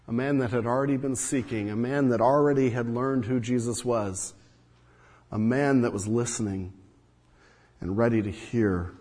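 This male pastor speaks at medium pitch with a breathy edge, preaching earnestly. He acts out quotes while his volume swells and drops, all under a long reverb from the hall.

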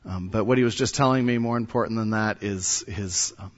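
Male pastor giving a halting, filler-heavy introduction; muffled sound. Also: lowish voice. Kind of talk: church introduction. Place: church.

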